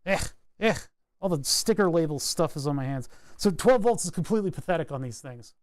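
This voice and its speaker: A man's voice: on the high side, brisk. Easygoing man tinkering at his workbench. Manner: relaxed, self-deprecating, chuckles often. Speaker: streamer building electronics projects live. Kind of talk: casual live-stream chat while tinkering. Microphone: wired microphone at his workbench.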